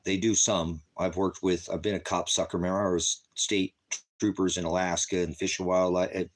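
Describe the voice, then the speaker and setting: A man's voice: low-pitched, little pitch movement, moderate pace. A middle-aged man running a ministry livestream, talking to his chat in a profane, combative, taunting way. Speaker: ministry host.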